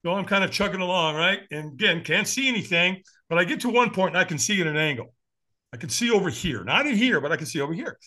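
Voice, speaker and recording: American guy telling a story as a podcast guest, bright voice, big swings in pitch, does little voices, chuckles a lot. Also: quick pace. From United States. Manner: animated, acts out quoted voices, chuckles often. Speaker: firewalk instructor, podcast guest. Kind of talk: storytelling in a conversation.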